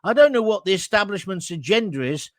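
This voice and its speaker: A blunt, combative middle-aged man hosting a talk show, his pitch swinging widely as he mocks and argues. The sound is dry and close, with no room echo. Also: lively intonation, a little fast. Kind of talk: opinionated commentary reading viewer comments.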